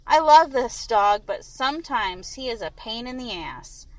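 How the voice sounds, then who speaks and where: A woman reading a first-person novel aloud, expressive and engaged. Her voice sits a little high and moves lively up and down. The sound is close and dry, with no room around it. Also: unhurried, dry recording, poor audio. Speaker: audiobook reader.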